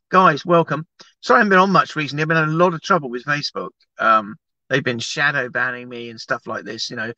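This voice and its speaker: A man's voice: on the high side, dry recording, lo-fi sound. A man, talking casually and animatedly as an evangelist, teaching and praying on a livestream with many restarts. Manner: animated, chatty, rambling with restarts.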